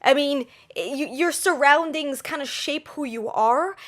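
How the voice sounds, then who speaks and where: A young woman talks straight to her viewers in a lively, joking way. Her voice sits high, and she gestures as she talks. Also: a little slow. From New Jersey, USA. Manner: animated, talks with her hands, jokey. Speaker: channel host. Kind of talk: casual advice vlog.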